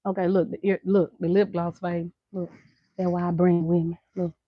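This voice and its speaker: A woman's voice: lowish voice, level tone, a little fast, no echo. A middle-aged woman with a Southern American accent, chatting casually to her viewers and laughing often. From United States. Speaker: vlogger. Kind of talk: casual chat to camera. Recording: dull lo-fi sound.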